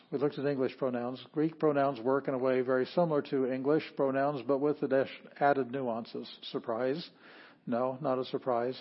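Man, Greek teacher, chatty lecture, self-correcting, middle pitch, dull lo-fi recording. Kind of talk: classroom lecture.

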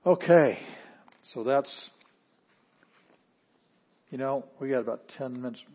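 A man teaching a Greek grammar class, explaining plainly and leading students through a slow read-aloud. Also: mid-range voice, flat delivery. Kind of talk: classroom lecture. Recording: dull lo-fi classroom recording.

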